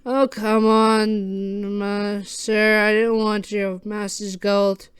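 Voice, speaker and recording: A reader voicing a sly, smiling male leprechaun with a mellow Scottish accent in a fan audio story. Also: mid-range voice, level tone, clear, resonant tone, no room sound. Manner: slow, mumbling.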